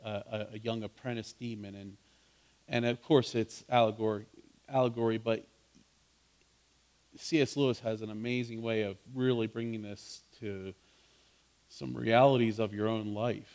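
A man's voice: fairly low pitch, level tone, moderate pace, long pauses, a little mellow. A man pastor preaching a sermon, earnest, repeating words and asking his listeners questions.

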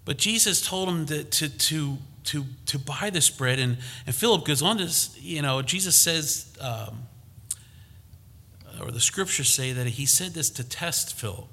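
A man's voice: a little high, lively intonation, a little slow, sharp tone, breathy edge. A man preaching a conversational sermon, reading scripture and rising to emphatic peaks.

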